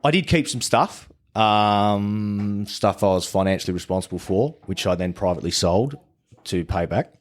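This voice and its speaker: Man, podcast guest, fairly low voice, casual storytelling, blunt, swears a lot, restarts sentences. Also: moderate pace.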